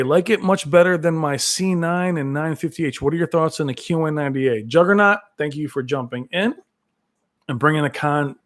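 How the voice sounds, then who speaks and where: A man hosting a casual live-stream chat, reading viewer comments and rambling on with many fillers and restarts. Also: a little high. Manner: does brief movie-quote impressions. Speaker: tech channel host reading live chat.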